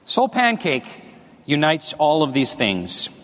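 A man's voice: fairly high pitch, wildly swooping pitch, slow, a bit bright. A man giving a stage talk to an audience, rambling and self-deprecating, joking with the crowd, on a body mic. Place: stage in a large hall. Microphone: wearing a body mic. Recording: long reverb of a large hall.

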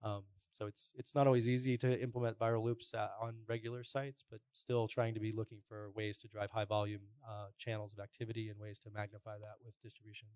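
A man's voice: lowish voice, quick pace, hardly any pauses, clean tone, no echo. A man moderating a conference panel, talking things through with frequent fillers. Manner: relaxed, thinking aloud with fillers.

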